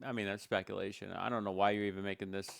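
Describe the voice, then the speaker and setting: Male reaction commentator, sarcastic and blunt, smooth voice, dry close mic. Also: fairly low pitch, level tone, rapid-fire, a bit bright, dry recording.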